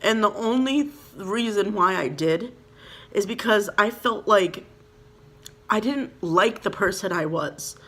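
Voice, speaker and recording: A young vlogger from Minnesota tells an emotional, heartfelt personal story, rambling casually and sprinkling in "like" and "you know." Her voice is mid-range and a bit bright, and she doesn't rush.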